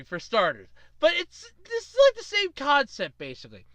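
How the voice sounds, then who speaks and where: A woman hosting a podcast, telling a story in a rambling, animated way with plenty of fillers. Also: high voice, moderate pace, hardly any pauses, no echo. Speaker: podcast host. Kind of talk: casual storytelling monologue.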